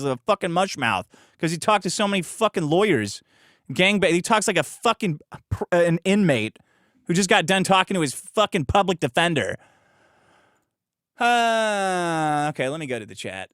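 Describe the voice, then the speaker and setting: A man's voice: on the high side, sing-song, moderate pace, fairly bright tone, dry recording, studio quality. A man hosting a show, reading legal documents aloud and breaking off into profane, sarcastic rants and mocking asides. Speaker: podcast host.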